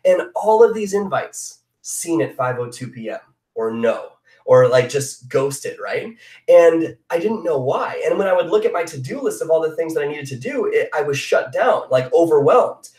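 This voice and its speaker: A man's voice: a little high, expressive, moderate pace, darkish tone. A young man from the Chicago area sharing a personal story in an earnest, confessional, emphatic way, as a motivational speaker on a live online hangout. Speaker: motivational speaker, former fitness coach. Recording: roomy sound from a distant mic.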